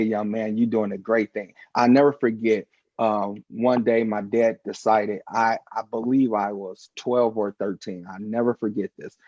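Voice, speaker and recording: A man spins a story in an animated way, jumping into the voices of everyone in it. His voice is mellow and warm. The recording is dry and a little dull. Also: medium pitch, no echo. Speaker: panelist. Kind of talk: casual storytelling in a panel conversation.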